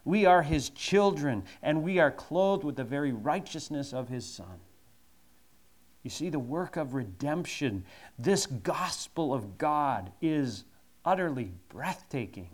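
A man preaching a sermon, slow and emphatic, repeating key phrases for force. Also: on the high side, expressive.

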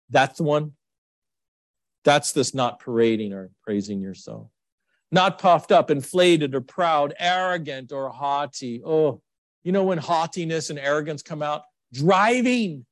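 A man preaching a sermon, telling stories with lively swings into a high excited voice. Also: dry recording. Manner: animated storytelling, jumps to high excited pitch. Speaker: pastor.

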